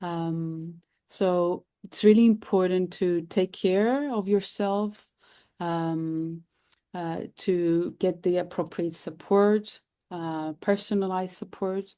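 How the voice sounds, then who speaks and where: A woman's voice: on the low side, fairly even intonation, takes it slowly, warm tone, smooth. A woman therapist from Cyprus as an interview guest, speaking thoughtfully with many fillers and repeated phrases. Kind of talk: interview conversation.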